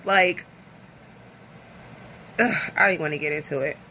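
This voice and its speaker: A woman's voice: low voice, a little slow, creaky, bright, forceful tone, slight background noise. A woman from the American South chatting casually to camera over lunch at home, rambling and nervous. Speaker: vlogger. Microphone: phone camera.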